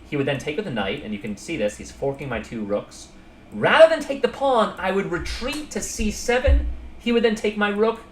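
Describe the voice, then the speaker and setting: A man's voice: mid-range voice, fairly bright tone. Man, own voice, casual rambling chess recap, self-mocking, roomy echo, faint noise. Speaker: chess player reviewing his own game. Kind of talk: casual game recap commentary.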